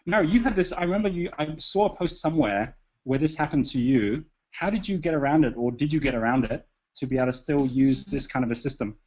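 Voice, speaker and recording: A man hosting a live online call, upbeat and chatty, often pausing with fillers and restarting sentences. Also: on the high side, a little mellow. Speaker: webinar host.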